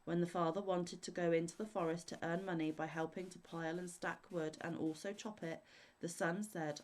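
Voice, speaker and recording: A woman reading fairy tales aloud in a steady, measured way. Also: lowish voice, a little hiss or hum, poor audio. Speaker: storyteller.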